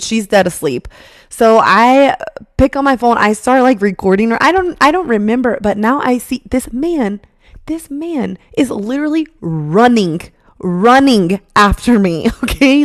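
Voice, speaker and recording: A young woman in her twenties, a podcast host telling a personal story in a casual, animated way, laughing often and acting out what people said. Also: on the high side, no room sound, studio quality.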